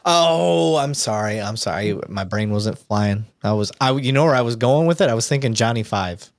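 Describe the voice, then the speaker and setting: A man's voice: lowish voice, lively intonation, moderate pace, dry recording. Chatty man host, dry close mic. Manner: conversational, frequent ums and restarts. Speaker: podcast host, police officer. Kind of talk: casual livestream commentary.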